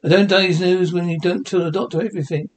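A pompous, fussy old country vet from a cartoon, sure of himself and full of fake bedside charm, as a man puts him on. The voice is pitched high. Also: fairly even intonation, quick pace, natural voice. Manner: pompous, fussy, self-assured. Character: pompous elderly country veterinarian. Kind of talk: cartoon voice recreation.

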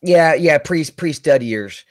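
A man's voice: on the high side, lively intonation, takes it slowly, no echo. Rambling self-mocking man, dry sound. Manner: rambling, self-deprecating, repeats words. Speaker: podcast co-host, recruiter. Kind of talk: casual chat.

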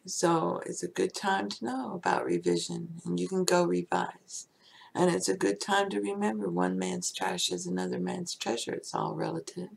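A woman's voice: on the low side, level tone, moderate pace, gravelly. A woman hosting an inspirational spiritual talk, asking the listener many rhetorical questions. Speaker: spiritual teacher and host.

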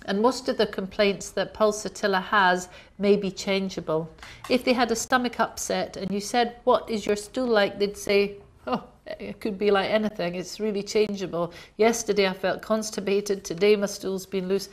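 A woman's voice: mid-range voice, fairly even intonation, normal speed. A woman giving a lecture, explaining at length with fillers and acting out coughing fits and gasps. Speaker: homeopathy lecturer. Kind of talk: recorded lecture.

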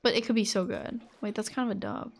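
A woman's voice: a little high, sing-song, fast. A woman streamer chatting casually with her viewers while she plays, rambling and full of "like". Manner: chatty, rambling, full of "like", acts out little scenes for chat. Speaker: Twitch streamer. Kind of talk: casual live-stream chat while gaming.

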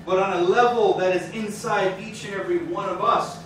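A man's voice: high voice, steady tone, brisk, a bit bright, slight background noise. A man teaching a sermon before a congregation, fervent and building in intensity as he preaches. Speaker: Torah teacher. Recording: very echoey room, mic far off.

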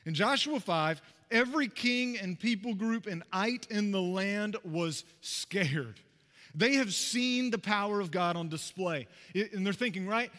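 A man preaching a sermon as pastor, telling a personal story in a conversational, animated way with asides to the congregation. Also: sits high, a little slow, big-room sound. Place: church sanctuary.

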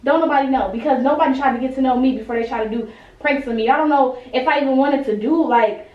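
A woman's voice: high-pitched, quick pace. A young woman vlogger, blunt and assertive, confronting friends during a prank. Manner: blunt, assertive, repeats herself. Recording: roomy, distant, dull sound.

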